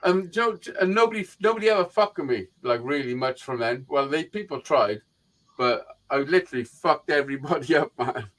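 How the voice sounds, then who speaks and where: A man's voice: on the high side, brisk, poor audio. A man hosting a live stream, chatting casually and telling profane stories with acted-out quotes. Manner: profane, animated storyteller who acts out quotes. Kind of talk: casual chat, storytelling.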